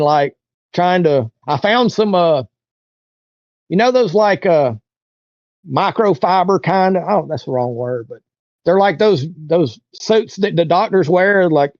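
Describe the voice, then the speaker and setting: A man with a fairly high speaking voice tells his story as an interview guest. He rambles and jumps into the voices of the people he met. The sound is dull and lo-fi, with a dry, close feel. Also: a little mellow, dry recording. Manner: rambling, acts out other people's lines in raised voices.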